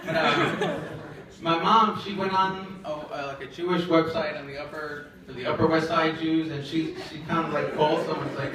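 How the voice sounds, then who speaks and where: A young man doing a stand-up comedy set, telling stories in a rambling, halting way full of fillers, with an audience laughing. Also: a little high, over a noisy crowd. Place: comedy event in a shared office space. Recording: echoey room from far off, audience laughter.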